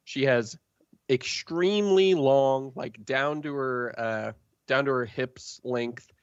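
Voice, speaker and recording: A man narrating as game master of a tabletop game, in an unhurried, halting way full of fillers. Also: medium pitch, smooth, no echo. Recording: dull, dry lo-fi stream audio.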